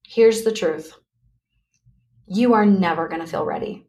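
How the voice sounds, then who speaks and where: A woman hosting her own podcast, talking candidly and earnestly to listeners in a motivational pep talk, speeding up then slowing on key words. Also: medium pitch, a little mellow. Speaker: podcast host.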